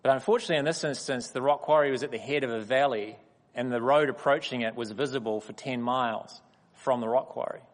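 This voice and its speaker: A man giving a sermon in a measured, emphatic way, pausing deliberately between phrases. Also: medium pitch. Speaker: guest speaker at a church. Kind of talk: sermon with personal stories. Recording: long reverb of a hall.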